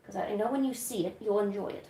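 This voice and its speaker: A woman hosting a livestream, chatting casually and coaxing her cats with high, sing-song pet talk at home. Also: quick pace, creaky, dark tone. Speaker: livestream host. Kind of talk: casual chat to her cats during a stream. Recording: echoey room with faint hiss.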